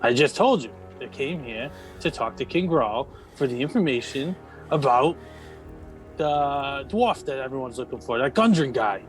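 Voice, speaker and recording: A man's voice: medium pitch, animated, normal speed, faint music behind. A man playing a tabletop game, casual and joking and swearing freely. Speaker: player.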